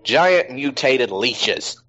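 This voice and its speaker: A man's voice: mid-range voice, expressive, drawn-out words, a bit bright, dull audio. A man hosting a podcast in casual chat, rambling with plenty of fillers. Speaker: podcast host.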